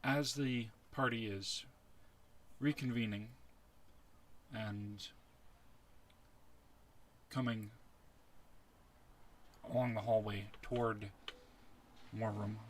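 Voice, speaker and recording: A man narrating a tabletop game as its game master in a slow, measured way. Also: on the low side, steady tone.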